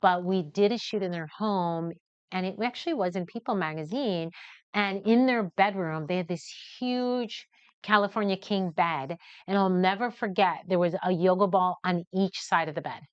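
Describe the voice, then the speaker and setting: A middle-aged woman hosting a live newborn photography session, chatty and animated, acting out the people in her stories. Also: on the low side, normal speed, clean tone, dry recording. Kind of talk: lively storytelling while demonstrating a shoot. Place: photo studio during a live stream. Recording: slightly dull, muffled audio.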